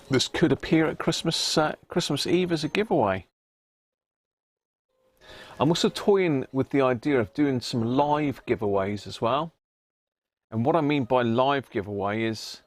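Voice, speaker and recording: A man hosting a casual live stream from his home workshop, chatting loosely, laughing at himself and trailing off with ums. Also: medium pitch. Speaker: radio restoration livestream host.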